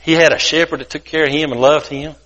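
A man's voice: a little high, steady tone, fast talker, fairly bright tone, lo-fi sound. A man preaching as a guest speaker, telling a folksy parable in a colloquial, homespun way. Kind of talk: sermon storytelling.

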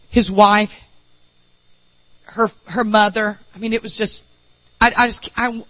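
A male preacher, telling a story in a sermon and building to impassioned shouting. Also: sits high, no echo, lo-fi sound.

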